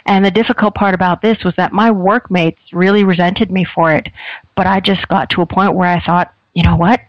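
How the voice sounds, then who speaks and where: A woman's voice: lowish voice, steady tone, fairly quick, no room sound, dull audio. A middle-aged woman telling how her own life went, earnest and reflective, often restarting her words. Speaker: speaker sharing a personal story. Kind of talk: personal testimony.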